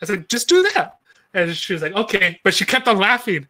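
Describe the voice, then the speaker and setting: A man's voice: high voice, fast talker, bright, forceful tone. A man chatting casually, rambling with frequent laughs and casual swearing. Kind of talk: casual chat.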